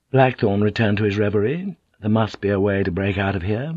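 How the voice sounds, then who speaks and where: A man narrating an audiobook in a measured, even manner. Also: lowish voice, no room sound, muffled recording. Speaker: audiobook reader. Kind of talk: scripted narration.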